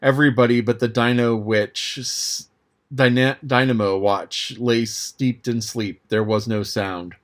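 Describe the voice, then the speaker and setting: Male audiobook reader, measured and even narration of a classic novel. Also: mid-range voice. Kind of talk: scripted narration.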